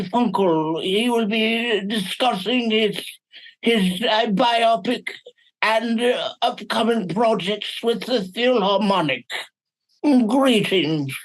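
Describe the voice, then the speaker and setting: A man's voice: sits high, rough recording. A man putting on the voice of a pompous, posh male talk-show host, drawn out and self-important.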